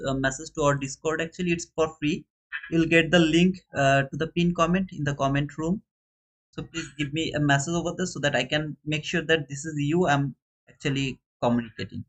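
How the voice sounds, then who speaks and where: A man with a South Asian English accent hosting a live stream, chatting casually and reading names aloud with excited bursts. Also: fairly high pitch, fairly quick. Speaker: trading channel host running a giveaway.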